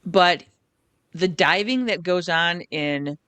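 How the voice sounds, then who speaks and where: Brief: American woman, casual podcast host, bright voice, laughs easily, swears. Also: lowish voice, takes it slowly, clean tone, no room sound. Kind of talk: casual chat.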